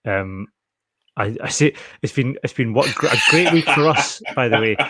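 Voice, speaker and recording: A man hosting a rugby podcast in casual, animated chat, often acting out quotes. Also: mid-range voice, moderate pace, breathy edge, no echo, clean studio sound. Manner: chatty, animated, quotes others in little voices. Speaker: podcast host.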